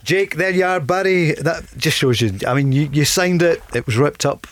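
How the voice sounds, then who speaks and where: A male radio host running a football phone-in with brisk efficiency. His voice sits a little high, and the studio sound is dry and close. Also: no echo. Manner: brisk, takes calls and reads scores. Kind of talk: radio sports talk show.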